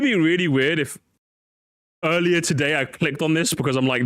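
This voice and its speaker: A man's voice: a little high, fairly quick, no echo, clean studio sound. A man streaming live and reacting to clips, mocking them and laughing a lot. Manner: animated, mocking, laughs often.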